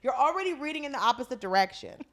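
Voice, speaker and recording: A woman's voice: high-pitched, expressive, rapid-fire. A woman co-hosting a podcast in casual chat, brash and joking, acting out people in mock voices. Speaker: podcast co-host.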